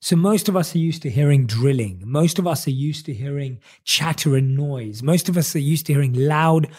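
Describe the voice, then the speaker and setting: Earnest male self-help speaker, slightly high, mellow tone, slows down on key words. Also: breathy edge. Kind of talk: motivational monologue to camera.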